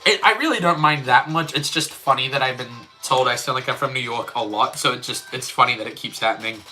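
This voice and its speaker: A man's voice: mid-range voice, a little fast, pushed and bright, soft background music. A man with an Australian accent chatting casually on a live stream while building Lego and reading chat, rambling with many fillers.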